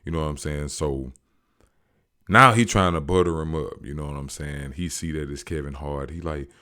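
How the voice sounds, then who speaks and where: Low voiced guy recapping a show, real animated. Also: moderate pace. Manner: animated, slangy, acts out quotes. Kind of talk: casual storytelling recap.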